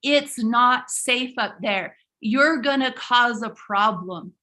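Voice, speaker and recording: A woman imitating a bossy, fretful woman hiker who insistently warns others to slow down. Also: fairly high pitch, sharp tone. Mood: bossy warning. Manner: insistent, scolding.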